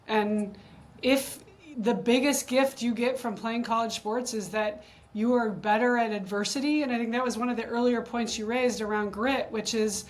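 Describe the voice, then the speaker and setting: A woman's voice: fairly high pitch, steady tone, moderate pace. A middle-aged woman hosting a podcast interview, affirming and conversational. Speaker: podcast host.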